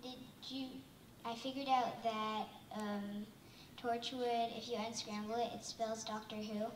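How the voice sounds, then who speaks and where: A woman's voice: a little high, level tone, unhurried, reverberant, recorded from a distance, slight background noise, low-quality recording. A nine-year-old girl, a shy fan, hesitantly asking a question at a panel. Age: child, nine.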